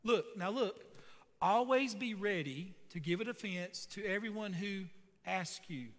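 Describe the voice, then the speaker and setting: A man's voice: high-pitched, unhurried, fairly bright tone, in a large hall. A man preaching a sermon as pastor, in a conversational, folksy way with jokes and asides. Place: church.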